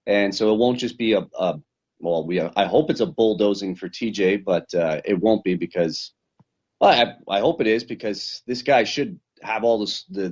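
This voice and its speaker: A male fighter recapping a bout in a casual interview, rambling and swearing as he tells the story over a video call. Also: on the low side. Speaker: professional fighter. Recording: dull lo-fi sound.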